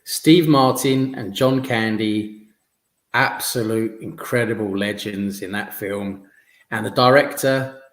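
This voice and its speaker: A man hosting a podcast in casual chat, enthusiastic, often stumbling and repeating words. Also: lowish voice. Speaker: podcast host. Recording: echoey room.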